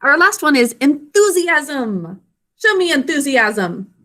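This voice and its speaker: Woman teacher, slow and bright. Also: sits high, sing-song. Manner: slow, clear, sounding out words syllable by syllable. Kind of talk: online reading lesson. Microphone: video call.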